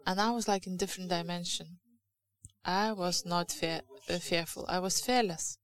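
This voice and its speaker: A woman's voice: fairly low pitch, fairly even intonation, normal speed, rough recording. A woman with a Lithuanian accent preaching a sermon in English, her second language, in a candid, confessional way with frequent halts and restarts.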